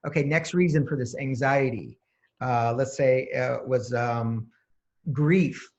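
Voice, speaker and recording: A man's voice: medium pitch, slow pace, darkish tone. A man, a holistic energy practitioner, explaining his method step by step as an interview guest and acting out exchanges with clients. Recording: dull lo-fi sound.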